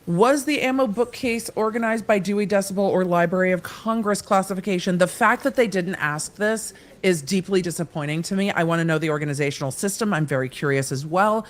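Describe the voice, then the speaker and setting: Woman host, middle-aged, dry wit, running live trial commentary. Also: lowish voice. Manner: quick, wry, sarcastic asides.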